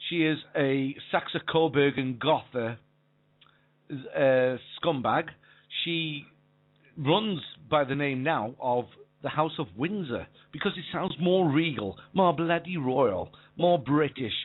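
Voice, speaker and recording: A man's voice: fairly high pitch, slow pace. A Welsh man calling in to a radio show, indignant and tripping over his words. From Wales. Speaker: caller. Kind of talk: call-in radio talk. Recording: tinny phone line.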